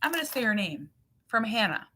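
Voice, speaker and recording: A woman's voice: fairly high pitch, big pitch swings, brisk, bright, forceful tone, a little hiss or hum. A woman in her thirties or forties, a mother and channel host, chatting casually and animatedly on a livestream, full of fillers.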